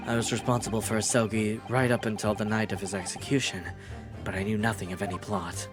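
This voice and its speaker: Gruff older prison warder voiced by a man, put-on Scottish-ish burr, blunt and defensive, faint music underneath. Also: fairly low pitch, level tone, quick pace, voice pushed down, close to an everyday voice. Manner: blunt, defensive, plain-spoken.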